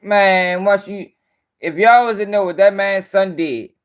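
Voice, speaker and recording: A man's voice: high voice, measured pace. A man hosting a live-stream news show, ranting in casual, profane, rambling talk and sounding tired.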